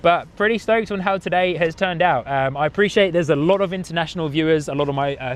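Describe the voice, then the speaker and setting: A man's voice: mid-range voice, slight background noise. Upbeat chatty man, English with a New Zealand tinge. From United Kingdom. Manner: upbeat and chatty, with frequent filler words and restarts. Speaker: plane-spotting livestream host. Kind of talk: casual live-stream chat. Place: outdoors in an airport car park.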